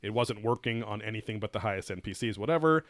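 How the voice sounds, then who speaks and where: A man's voice: fairly low pitch, expressive, fast talker, a bit bright, dry recording, clean studio sound. A man co-hosting a casual podcast chat, rambling and profane with lots of filler words. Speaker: podcast co-host.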